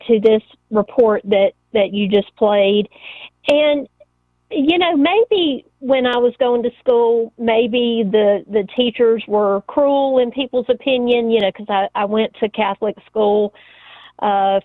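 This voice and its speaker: A woman phones in to a radio show, chatting in a rambling, nostalgic way. Her voice is high and sounds thin and tinny over the phone line, dry with no room around it. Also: no room sound. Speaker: caller. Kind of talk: phone-in call.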